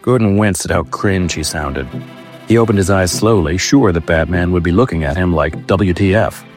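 A man giving a deadpan comic narration with a dry, wry delivery and mock-formal wording. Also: low-pitched, moderate pace, soft background music.

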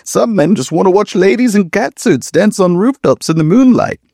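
A man's voice: sits high, expressive, normal speed, gravelly, mellow, dry recording, studio quality, pitched above the performer's own voice, full character voice. A man voicing a rambling man who delivers an earnest, absurd speech full of oddly specific lists.

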